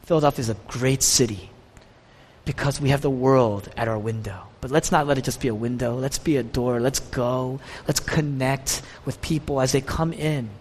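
A man preaching a sermon as pastor, passionate, with wide swings in pitch and volume. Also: normal speed, darkish tone. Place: church sanctuary. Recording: church hall with long reverb.

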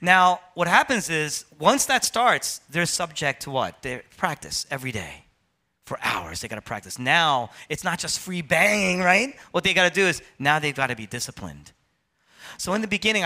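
A man's voice: medium pitch, sing-song, moderate pace, sharp tone. A man in his thirties preaching a sermon, firing rhetorical questions and acting out complaints in other voices. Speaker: pastor.

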